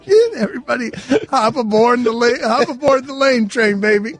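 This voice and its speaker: A middle-aged man hosting a sports radio show, riffing fast and breaking into giggles as he banters. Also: very high voice, lively intonation, soft background music.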